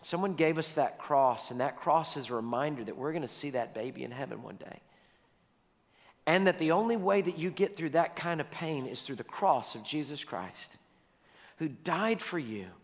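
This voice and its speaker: A man's voice: medium pitch, big-room sound. A male pastor preaching a sermon, telling stories and repeating key lines for emphasis.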